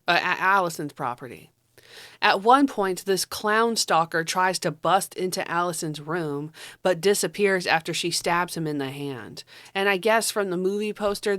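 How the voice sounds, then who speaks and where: A woman's voice: on the low side, a bit bright, dry recording, clean studio sound. A woman giving a casual spoken movie review, blunt and sarcastic, swearing freely.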